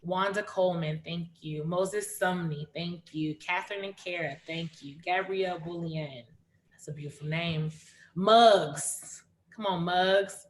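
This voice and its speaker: A woman hosting a livestreamed poetry reading, lively and chatty, calling out names and urging the audience on. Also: lowish voice, a little slow. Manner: lively, calls out names and cheers on the chat. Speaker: host of an online reading series.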